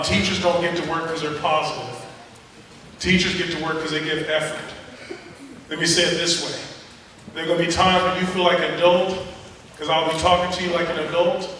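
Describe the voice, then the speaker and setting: A man giving a motivational speech at a school assembly, telling stories with animated, joking energy and talking straight to the students. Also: on the high side. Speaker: motivational speaker. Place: large high school gym. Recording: echoey gym from far off, audience noise.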